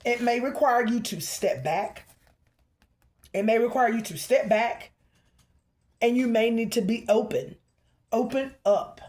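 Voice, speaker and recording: A woman's voice: on the high side, a little slow, pauses often, darkish tone. A woman giving a collective spiritual reading, talking to the viewer and calling on the ancestors, with a habit of checking in with "okay?". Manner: emphatic, repeatedly checks in with "okay?"; calls out to the ancestors mid-reading. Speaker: spiritual reader.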